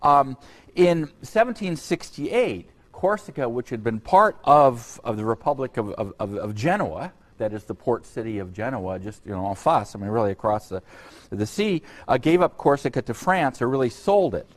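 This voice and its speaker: Halting man giving a history lecture. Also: mid-range voice, animated. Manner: halting, full of uh and um fillers and restarts; digressive, conversational asides to students. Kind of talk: unscripted university lecture. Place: lecture hall.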